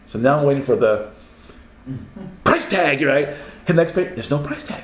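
Animated laughing man telling a story. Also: mid-range voice, moderate pace. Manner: animated, laughing storyteller who acts out voices. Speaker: self-published Christian author. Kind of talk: casual storytelling conversation. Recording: roomy echo, faint background noise.

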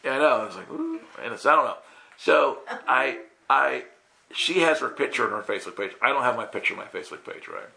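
A man's voice: medium pitch, animated, quick pace, creaky, pushed and bright, rough recording. A man telling a casual personal testimony as a guest minister, chatty and self-interrupting, often checking in with "right?".

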